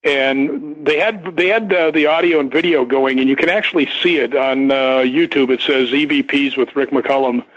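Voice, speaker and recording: With a medium-pitched, fairly bright voice, this older man talks at normal speed and barely pauses. He's a stunt performer on a radio show, rambling through a long tale full of restarts and repeated words, all in dull lo-fi audio.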